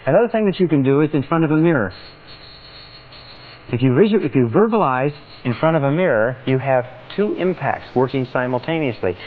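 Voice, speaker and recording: A man's voice: medium pitch, expressive, brisk. A man delivers a motivational seminar talk, leaning on words and repeating key phrases with different stress. The recording is thin and tinny like a phone line, with a faint hiss underneath. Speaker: seminar speaker.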